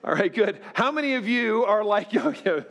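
A pastor in his fifties addresses his live congregation in the sanctuary, his sermon casual, self-mocking, and full of filler words. He has a high, fairly bright voice and keeps a moderate pace.

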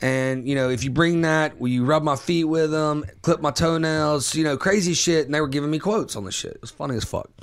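A man telling a profane story on a casual podcast, animated and loose. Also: on the high side, fairly quick, few pauses, clear, resonant tone. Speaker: podcast host.

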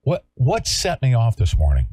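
A man from California hosting a talk show, ranting loudly and sarcastically in a combative way. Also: medium pitch, huge pitch swings, moderate pace, slightly rough, dry recording. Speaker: show host. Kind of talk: heated talk-show rant.

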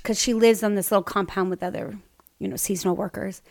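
A woman's voice: medium pitch, fairly even intonation, quick pace, gravelly, a little mellow. A middle-aged woman co-hosting a podcast, telling an emotional personal story with many restarts. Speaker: podcast co-host. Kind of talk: casual chat, personal story.

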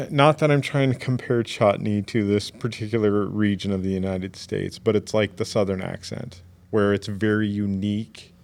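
Lowish-voiced man explaining in casual chat. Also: a little mellow. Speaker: podcast co-host.

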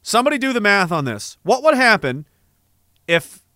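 A man delivering a sarcastic, profane satirical rant as an online commentator, slipping into a mock bank-salesman pitch. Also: big pitch swings, normal speed, pushed and bright, no room sound, studio quality. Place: Canada.

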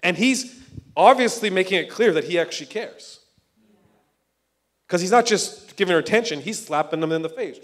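A man preaches with energy and a casual, conversational touch. His voice sits high for a man. He slips into quick acted-out voices for the people in his stories. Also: expressive. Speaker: pastor. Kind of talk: sermon.

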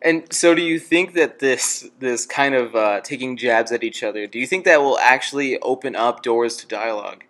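A man's voice: mid-range voice, normal speed, hardly any pauses, a bit bright. A young man interviewing for a student club, asking long questions in a hesitant way with many fillers. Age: young adult.

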